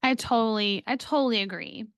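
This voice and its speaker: Woman, podcast co-host, casual chat, smooth clear voice, dry close sound. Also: a little high, brisk, no echo. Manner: chatty, many filler words. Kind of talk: casual chat recapping a TV episode.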